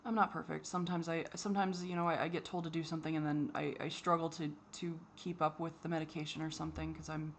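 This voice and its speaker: A woman giving a candid personal monologue for her vlog, halting and frustrated, with many restarts and fillers and the odd swear. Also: deep voice, level tone, a little hiss or hum. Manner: swears when exasperated. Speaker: vlogger.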